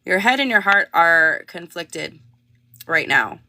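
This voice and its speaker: A woman's voice: fairly low pitch, expressive, slow pace, sharp tone, no room sound. A young woman chatting casually on a livestream while reading tarot cards, rambling with lots of fillers. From Canada. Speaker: tarot reader.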